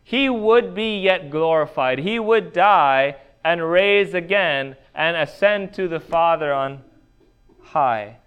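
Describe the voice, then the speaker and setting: A man preaching an expository sermon, working slowly through a passage and putting rhetorical questions to his listeners. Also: a little high, expressive, a bit bright, smooth.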